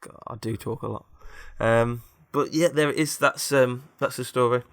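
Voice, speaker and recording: A man's voice: medium pitch, moderate pace, no echo, studio quality. A man co-hosting a podcast, rambling through an improvised story in a chatty, meandering way. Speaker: podcast co-host.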